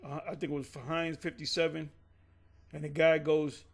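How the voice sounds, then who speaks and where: A man's voice: on the high side, level tone, normal speed, gravelly. A man teaching from the Bible in a casual, rambling way, often stopping to correct himself and drifting off on side stories. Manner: rambling, digressive, self-correcting.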